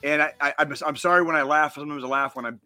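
A man's voice: on the high side, fairly even intonation, very fast, sharp tone. A man co-hosting a podcast in casual chat, ranting heatedly with heavy swearing and frequent restarts. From United States. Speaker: podcast co-host.

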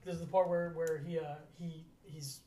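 A man's voice: a little high, level tone, normal speed, dark tone, a little hiss or hum. A man co-hosting a podcast who moves the list along in casual chat. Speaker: podcast co-host running the list.

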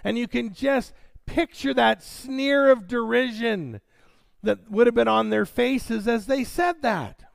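A man's voice: very high voice, slow, creaky, no room sound. A man preaching a sermon, reading scripture dramatically and addressing his congregation directly.

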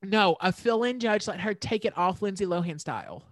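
A woman's voice: mid-range voice, sing-song, moderate pace, dry recording. A woman co-hosting a podcast, recounting a case in casual chat with frequent fillers. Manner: storytelling with many fillers and restarts. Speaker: podcast co-host.

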